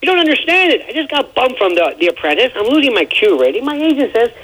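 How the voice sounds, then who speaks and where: A man's voice: extremely high pitch, big pitch swings, fast talker, a bit bright, heavily acted, low-quality recording. A man putting on a boastful, scheming male celebrity candidate who talks brashly and rambles.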